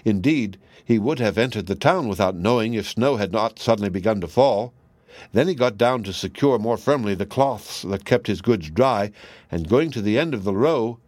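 A man narrating a fairy tale in a steady, measured reading. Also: on the low side, dry recording. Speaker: storyteller.

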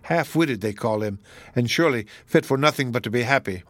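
A brooding, troubled young woman speaks low with tension in her voice, as a male reader plays her. The sound is dry and close. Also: expressive, fairly quick, no room sound, lightly acted. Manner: low, intense delivery.

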